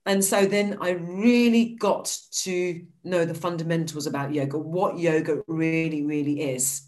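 A British woman, a guest on a podcast, tells her life story in a casual, lively, chatty interview. She speaks at a measured pace and acts out quotes with high, bright exclamations. The recording quality is low.

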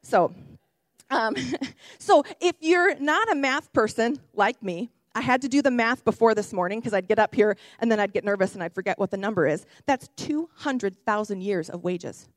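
A young woman who works in kids ministry, preaching a sermon in an animated, chatty way, correcting herself and breaking into excited shouts. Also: a little high, normal speed, no echo, studio quality. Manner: self-correcting, chatty asides.

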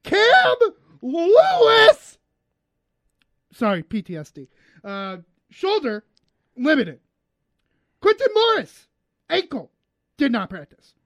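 A male podcast host with a playful, jokey manner whose voice sits unusually high and jumps around a lot. He drags out lists in a mock-formal announcer cadence. The sound is dry and close, with no room around it. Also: wildly swooping pitch, unhurried, pauses often, dry recording, highs cut off. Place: his own room on a remote call.

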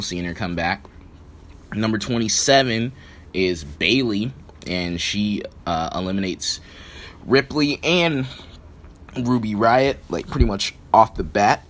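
A man giving a rambling, casual recap of a wrestling event, with lots of fillers. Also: sits low. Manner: rambling, many fillers, relaxed. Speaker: wrestling show reviewer.

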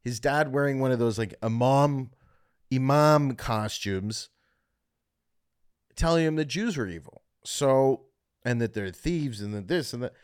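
A man's voice: medium pitch, clean tone. A comedian from Canada hosting his own podcast, delivering a blunt, profane solo rant. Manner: blunt, profane, fast ranting. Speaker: comedian host.

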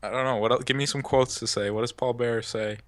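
A man co-hosting a casual podcast chat, blunt and deadpan, swearing freely. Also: medium pitch, fast talker, no echo. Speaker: podcast co-host.

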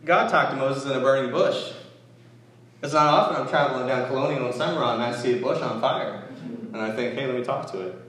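A man's voice: medium pitch, fairly quick. A man giving a casual, conversational sermon, telling stories with asides. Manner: conversational, animated storytelling with asides. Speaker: church lay speaker. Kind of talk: informal sermon. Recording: echoey room, distant mic, faint noise.

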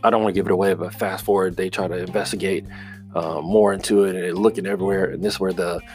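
A man's voice: deep voice, level tone, fast talker, darkish tone, soft background music. A young adult man casually retelling the plot of a TV drama, rambling with many fillers and restarts. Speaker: show recapper.

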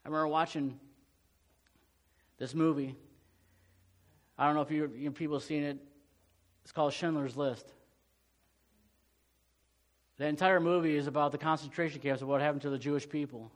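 A middle-aged male pastor preaching a sermon, swinging from loud, urgent peaks to hushed storytelling. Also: fairly high pitch, steady tone, normal speed, pauses often.

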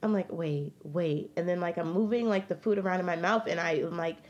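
A woman's voice: on the low side, fast, dull audio. A woman in casual conversation, telling a story with lots of energy, acting out what she said and laughing often. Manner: animated storyteller, laughs often, acts out her own quotes. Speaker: guest. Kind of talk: casual chat.

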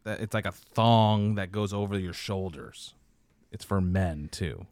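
A man with a somewhat low voice, chatting casually and telling stories at length. He rambles through them with lots of fillers. The sound is dry and close, with little room around it. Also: unhurried, darkish tone, no echo. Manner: rambling storyteller, acts out quotes. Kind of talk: casual chat about commercials and football.

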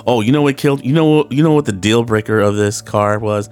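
A man's voice: mid-range voice, fast, darkish tone. A man hosting a solo podcast, rambling and swearing with frequent laughs, slipping into voices when he quotes people. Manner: rambling, profane, laughs often; acts out voices in quoted dialogue. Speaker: podcast host. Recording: faint guitar music in background.

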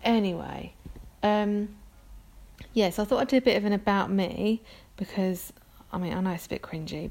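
A woman in her thirties with a London accent, chatting casually on her own podcast, rambling and self-deprecating with many ums. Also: mid-range voice. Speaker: podcast host. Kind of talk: casual solo podcast chat.

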